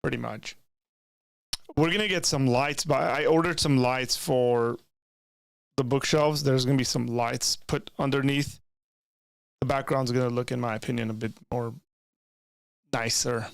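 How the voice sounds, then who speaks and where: A man's voice: medium pitch, fairly even intonation, unhurried, creaky, long pauses, clean tone, no echo, clean studio sound. A young man hosting a live stream from a home room with bookshelves, chatting to viewers in a rambling way with many restarts. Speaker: streamer reading chat. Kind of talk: casual live-stream chat. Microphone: desk microphone, leans in close.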